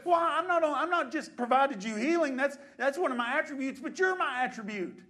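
A man voicing God, who shouts pleading questions at his people in a sermon. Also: very high-pitched, lively intonation, brisk, pitched above the performer's own voice, full character voice.

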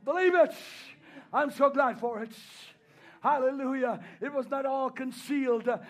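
A man with a very high voice preaches at a moderate pace with fairly even intonation. His sermon swings between hushed pleading and loud, shouted declarations, punctuated by repeated hallelujahs and amens.

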